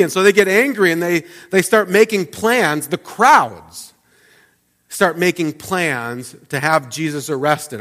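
A man's voice: a little high, unhurried, fairly bright tone. Conversational male pastor in echoey church. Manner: conversational, restarts, explanatory asides. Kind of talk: sermon. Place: church sanctuary.

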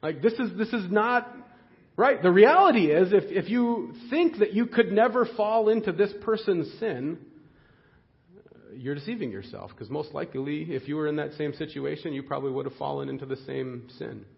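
A man preaching a sermon in a conversational, animated way, with frequent fillers and restarts. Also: fairly high pitch, normal speed, gravelly, dull audio. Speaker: pastor.

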